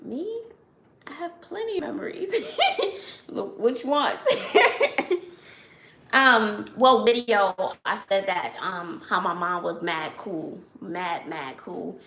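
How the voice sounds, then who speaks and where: A woman from Brooklyn, hosting a casual livestream chat and telling lively stories with frequent laughs. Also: mid-range voice, takes it slowly, echoey room. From Brooklyn, New York. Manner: animated storyteller, laughs often, says "child". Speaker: channel host.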